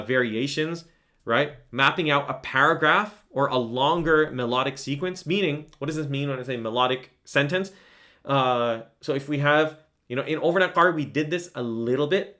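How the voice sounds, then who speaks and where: The speaker is a man with a medium-pitched, bright, forceful voice giving an online Quran recitation lesson. Casual and enthusiastic, he regularly asks "right?" and demonstrates by breaking into melodic chanting.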